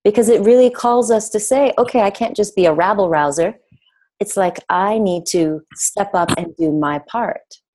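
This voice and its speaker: A woman's voice: medium pitch, normal speed, a little mellow, poor audio. A woman interviewing a guest in a conversational way, affirming and thoughtful.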